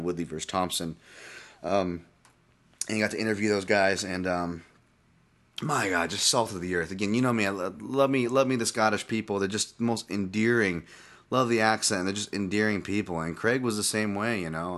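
A man with a notably low voice talks casually through fight picks on a podcast. He rambles, circles back and restarts sentences, with filler words and profanity sprinkled throughout. The tone is informal and unscripted. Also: fairly bright tone. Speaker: podcast host and fight analyst.

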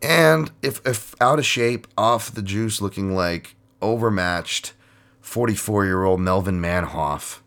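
A man's voice: low-pitched, fairly bright tone. A man hosting a podcast in casual chat, rambling and jokey with frequent swearing and fillers. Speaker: podcast host.

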